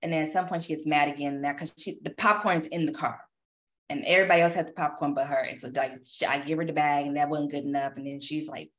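A woman and mother telling a story in a casual chat, animated, acting out quotes and laughing often. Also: low-pitched, fast. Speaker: podcast co-host and mother.

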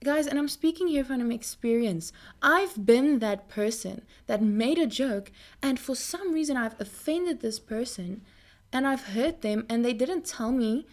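A young woman speaking earnestly in a Christian faith talk to her viewers, often repeating words as she goes. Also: a little slow. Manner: animated pitch jumps.

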